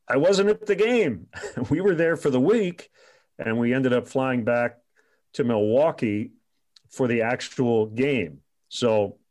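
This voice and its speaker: A middle-aged man with an everyday mid-range voice, recounting broadcasting stories in a relaxed, chatty way. He pauses with fillers and breaks into laughing asides as he goes. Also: medium pitch. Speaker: radio sportscaster guest. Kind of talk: casual storytelling.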